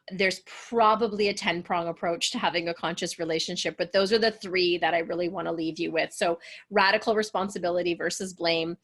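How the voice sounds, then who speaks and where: A woman's voice: on the low side, fairly bright tone. Earnest encouraging woman relationship coach. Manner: earnest, encouraging, acts out quoted voices. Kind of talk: coaching session talk.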